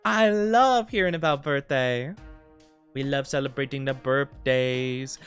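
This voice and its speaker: A man's voice: mid-range voice, a little slow, smooth, soft background music. A man chatting casually on a live stream, giggly and fidgety and full of filler words.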